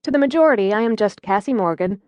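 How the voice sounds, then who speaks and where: Woman, audiobook narrator, first-person, wry conversational delivery, medium pitch, dry studio recording. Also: lively intonation, quick pace, darkish tone, no echo.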